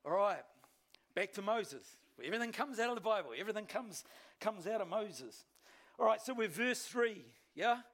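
High-voiced pastor preaching. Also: male voice, normal speed. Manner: animated storytelling with self-deprecating humor. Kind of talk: sermon.

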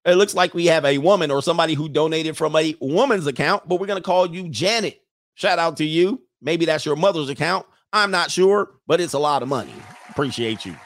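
A man's voice: fairly high pitch, dry recording, clean studio sound. A man hosting a casual livestream, reading viewer messages, joking, laughing often and mimicking people.

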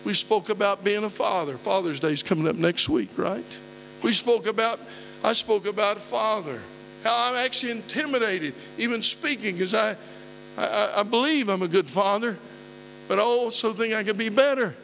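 High-voiced older preacher with a twang. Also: male voice, normal speed, gravelly, fairly bright tone. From southeastern Oklahoma. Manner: folksy storytelling preacher, rising to emphatic calls. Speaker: pastor. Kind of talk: sermon. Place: church hall. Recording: dull recording in a long-reverb hall, faint hum.

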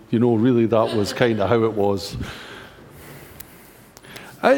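Scottish man preaching with lively humor. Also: medium pitch, normal speed, pauses often, big-room sound. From Scotland. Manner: humorous storytelling, rhetorical questions. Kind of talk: sermon with personal anecdote.

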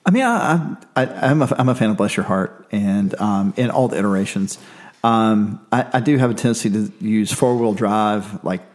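A man chatting casually, telling animated stories full of folksy sayings. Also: lowish voice, moderate pace. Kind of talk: casual chat.

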